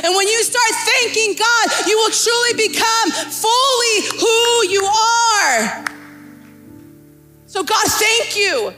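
High, bright-voiced woman preaching fervently. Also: a little slow, faint music behind. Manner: passionate, rising to fervent exclaiming. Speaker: pastor. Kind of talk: sermon.

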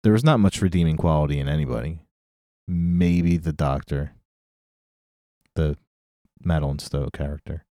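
A man with a very low, mellow voice co-hosting a casual movie podcast. He talks bluntly and emphatically, repeating words to drive his point home. The recording is dry and close. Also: normal speed, long pauses, no room sound. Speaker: podcast co-host.

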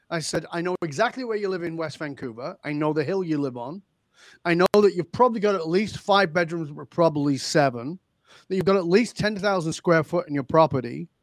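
A man who is a leadership consultant, telling client stories on a podcast and acting out the dialogue with lively emphasis. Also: fairly high pitch, normal speed, no echo, studio quality. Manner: animated, acts out quoted dialogue. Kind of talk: podcast interview storytelling.

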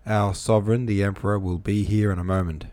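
Brisk commanding count in an audiobook read by a man, deep, dark-toned, dry close sound. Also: steady tone, no echo, close to an everyday voice. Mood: firm. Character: brisk commanding male Russian count governor.

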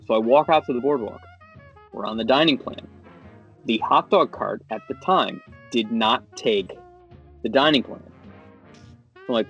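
A man's voice: medium pitch, moderate pace, dull audio, faint music behind. Man telling an exasperated dad story. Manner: animated storyteller, exasperated asides. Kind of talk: casual chat.

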